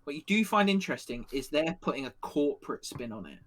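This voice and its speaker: A man's voice: a little high, big pitch swings, fast, crowd noise. A man running a tabletop role-playing game, narrating scenes with many fillers and restarts. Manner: rambling, filler-heavy narration. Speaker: game master.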